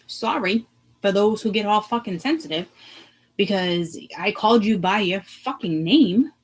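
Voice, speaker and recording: A woman's voice: mid-range voice, unhurried, husky, rough recording. Woman ranting, profane and heated. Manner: profane, heated and blunt, swings from hushed to loud. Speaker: vlogger. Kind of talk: ranting to camera.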